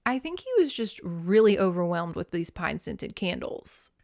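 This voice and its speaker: A woman's voice: fairly low pitch, big pitch swings, moderate pace, vocal fry, a little mellow, no room sound, clean studio sound. A woman voicing an exasperated, clever teenage girl in a dramatic, lightly raised voice while recapping a story.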